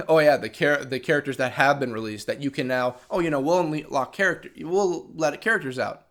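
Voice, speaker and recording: Losing his voice, a man who runs a gaming channel vents sarcastically and with frustration in an unscripted vlog, restarting many times. He speaks at medium pitch and normal speed with long pauses, and his tone is fairly bright.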